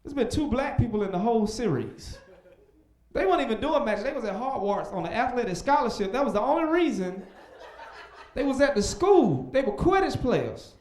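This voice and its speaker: Animated young comedian, high and lively. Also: male voice, fairly quick. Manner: animated, with loud shouted voices for punchlines. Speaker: stand-up comedian. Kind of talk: stand-up comedy set. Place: comedy club stage. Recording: echoey club stage.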